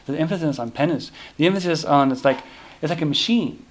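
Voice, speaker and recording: A man with a slightly high voice explains a scripture story in a loose, casual class talk. He rambles, breaks off mid-sentence and fills gaps with small filler words. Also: brisk. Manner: rambling, self-interrupting, many fillers. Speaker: scripture teacher.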